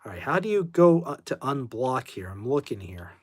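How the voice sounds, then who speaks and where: A man's voice: mid-range voice, very animated, normal speed. A man hosting a casual livestream from his phone, rambling about music and flaring up angrily at commenters in chat, swearing as he kicks them out. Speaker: livestream host.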